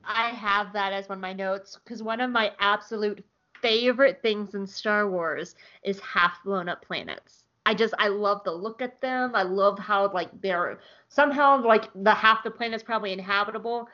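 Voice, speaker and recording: A woman's voice: mid-range voice, normal speed, bright, forceful tone, highs cut off. Chatty woman recapping an episode. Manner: enthusiastic, lots of "like" fillers. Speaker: podcast co-host. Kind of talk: casual chat recapping an episode.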